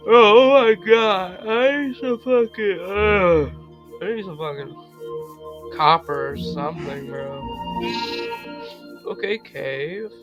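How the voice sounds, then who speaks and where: A young man giving casual, profane commentary while playing a video game, with loud outbursts. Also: a little high, takes it slowly, pauses often, lo-fi sound. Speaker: gamer. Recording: loud game music behind.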